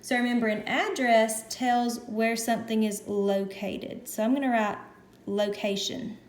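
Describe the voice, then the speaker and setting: Woman teacher going over the lesson slow and patient, kinda high voice, echoey room. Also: steady tone. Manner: patient, explains slowly step by step. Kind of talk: recorded classroom lesson.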